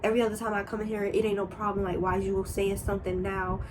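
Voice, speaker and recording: A young woman voicing a quick-tempered classmate, flat and dismissive in a casual storytime. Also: medium pitch, recorded from a distance, noisy background, close to an everyday voice.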